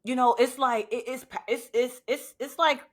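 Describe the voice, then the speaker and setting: A woman's voice: high voice, steady tone, normal speed. A woman hosting a podcast, talking candidly and swearing freely in casual conversation. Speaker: podcast host.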